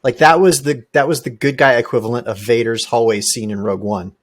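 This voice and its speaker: An excited man on a fan podcast whose words tumble out, so he stammers and restarts. His voice sits at a middle pitch. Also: fairly quick, no room sound. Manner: excited, stammers when eager. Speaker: podcast co-host. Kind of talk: casual fan podcast chat.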